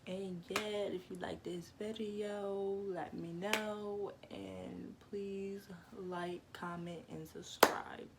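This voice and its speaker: A woman's voice: mid-range voice, fairly even intonation, slow pace, few pauses, heavy background noise. A young adult woman vlogger telling a storytime to camera in slangy, playful speech, teasing her viewers. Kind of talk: casual storytime monologue to camera.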